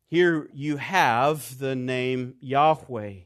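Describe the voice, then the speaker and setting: A man preaching an expository sermon, stressing key words deliberately and letting his voice drop low and quiet at the ends of phrases.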